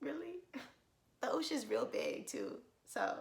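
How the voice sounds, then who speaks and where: A young woman vlogger telling a story in casual chat, animated and dramatic, laughing often. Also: high-pitched, slow pace, vocal fry, roomy sound.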